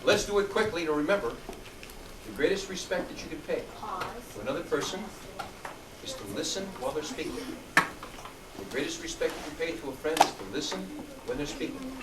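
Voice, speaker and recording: A man's voice: fairly high pitch, big pitch swings, a little fast, pauses often. A middle-aged man leading a youth class, upbeat and encouraging as he calls on students. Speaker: youth program instructor. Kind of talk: classroom coaching. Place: large room with student tables. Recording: echoey room recorded from far, noisy.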